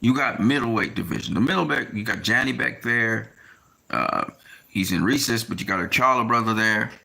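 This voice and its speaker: A man talking casually in a rambling monologue, often pausing with fillers as he tries to recall names. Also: mid-range voice, gravelly, pushed and bright. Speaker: boxing commentator.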